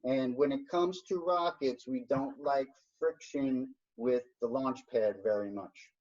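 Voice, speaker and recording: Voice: medium pitch, unhurried, darkish tone. Encouraging instructor on a video call. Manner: encouraging, explains step by step. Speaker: workshop instructor. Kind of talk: online science workshop teaching. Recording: dull lo-fi video call audio.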